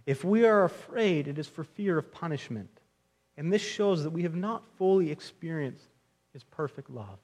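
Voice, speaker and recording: A man's voice: on the high side, lively intonation, moderate pace, darkish tone. A young man preaching a sermon in an earnest, conversational way, often restarting phrases and speaking directly to his listeners as friends. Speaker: pastor.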